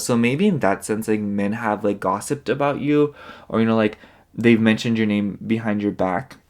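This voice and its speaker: A man giving a casual pick-a-card tarot reading, rambling and filling nearly every phrase with "like". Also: lowish voice. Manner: rambling, filler-heavy, leans on "like" constantly. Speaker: tarot reader.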